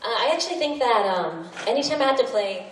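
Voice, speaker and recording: A bubbly female voice actress laughs her way through a convention panel. Her voice sits a little high. She sounds distant in a roomy hall, with steady noise behind. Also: fast talker. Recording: echoey hall mic from far off, noisy.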